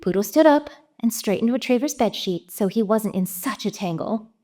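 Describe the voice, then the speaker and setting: A woman's voice: mid-range voice, animated, normal speed, mellow. A woman expressively narrating a story aloud at a live reading. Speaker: story reader.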